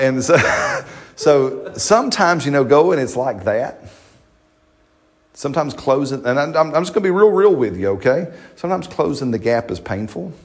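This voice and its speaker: A man's voice: mid-range voice, expressive, normal speed. A middle-aged male pastor preaching a sermon in a conversational, joking way, often checking in with the congregation. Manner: conversational, jokey, repeats and restarts, asks the congregation questions.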